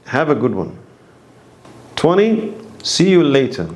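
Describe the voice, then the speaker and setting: A man reads through a scripted English lesson, taking each phrase and example at a slow, careful pace. His pitch moves about widely as he switches between explanations and acted-out examples. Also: sing-song, darkish tone. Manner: slow, deliberate reading of phrases and example sentences. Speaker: English teacher.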